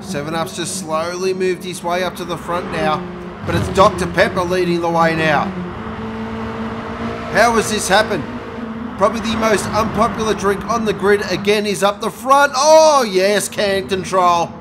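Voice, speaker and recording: A man commentating a sim race, joking and bursting out loud at each incident. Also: high-pitched, fairly even intonation, moderate pace. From Australia. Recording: noisy with engine sound behind.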